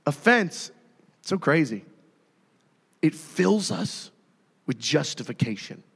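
Male pastor, thirties, animated sermon delivery, reverberant hall. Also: on the high side, slow pace, gravelly, breathy edge. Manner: animated storytelling, acting out voices.

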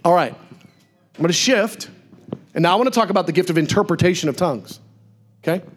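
A male pastor giving a sermon in a church, preaching in a conversational, animated way with frequent asides to the congregation. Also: high voice, quick pace.

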